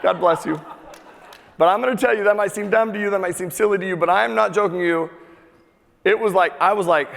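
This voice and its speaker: Energetic, profane motivational speaker in a hall. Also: male voice, sits high, creaky. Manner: energetic, profane, calls for audience repeats. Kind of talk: live motivational talk to an audience. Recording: long hall reverb.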